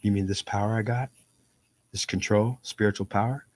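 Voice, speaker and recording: A man's voice: lowish voice, steady tone, moderate pace. A man from the United States rambling through a self-recorded monologue, arguing both sides of an imagined dialogue in repetitive, circling phrases.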